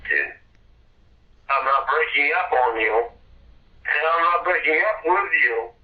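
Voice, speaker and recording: A man's voice: fairly high pitch, lively intonation, a little slow, distant mic. Drunk, furious man on a muffled phone line. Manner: angry, swearing, yelling. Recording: dull, echoey phone audio from afar.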